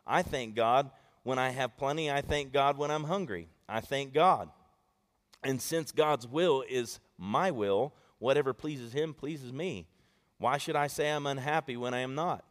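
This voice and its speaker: Man reading a calm, grateful old beggar, echoey room. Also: mid-range voice, a little slow, close to an everyday voice. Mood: serene. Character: contented old male beggar.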